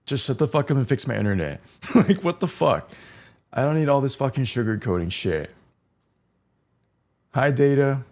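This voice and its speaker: A man's voice: mid-range voice, very animated, normal speed, pauses often, a little mellow. Young guy streamer cooking and ranting, swears a lot, hums bits of songs between chat. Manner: blunt, swears freely, hums and sings between lines.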